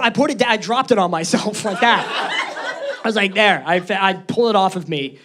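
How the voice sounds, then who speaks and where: A young male comic with a high voice works a club stage, nervous and self-deprecating. His punchlines climb into squeaky yelps. A live crowd laughs loudly around him. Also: a little fast, noisy background. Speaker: stand-up comedian. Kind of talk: stand-up comedy set. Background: audience laughter.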